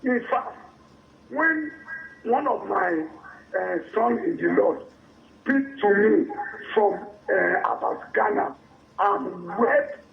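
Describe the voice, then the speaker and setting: Slow, gravelly high-voiced man calling in. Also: expressive, roomy sound, highs cut off, slight background noise. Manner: slow, fervent, repetitive. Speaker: caller. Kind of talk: phone-in call.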